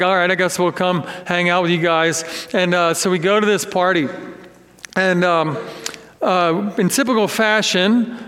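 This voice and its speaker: A man preaching a sermon as pastor, telling a personal story in an animated, self-deprecating way. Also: high voice. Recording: long echoey reverb of a hall.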